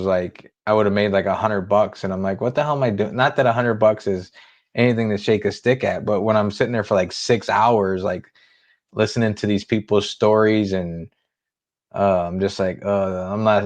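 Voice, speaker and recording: Laid-back man telling a story. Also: on the low side. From Las Vegas area. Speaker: host. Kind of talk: casual chat.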